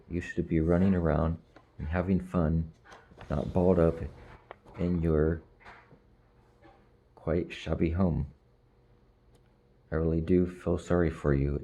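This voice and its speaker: A man's voice: extremely low pitch, mellow, dull audio, slight background noise. A man voicing Pity, a weary blunt spirit. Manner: blunt, talks down to the child as "kid".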